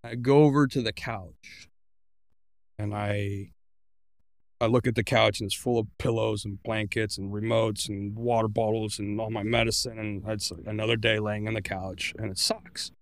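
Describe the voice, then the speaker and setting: A man's voice: on the low side, level tone, moderate pace, dry recording. A man, a podcast guest, earnestly retelling a personal story and voicing his own inner thoughts.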